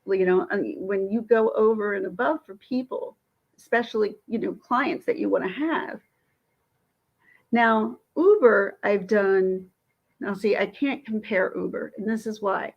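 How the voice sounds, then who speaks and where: A woman vlogger telling a story in a casual, indignant and animated way. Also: medium pitch, vocal fry, dull audio. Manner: indignant, animated, quick talk.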